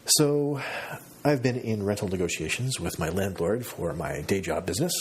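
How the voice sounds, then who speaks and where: A man's voice: deep voice, lively intonation, moderate pace, a little hiss or hum. A man hosting a podcast, telling a long story in a casual, self-mocking monologue. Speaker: podcast host.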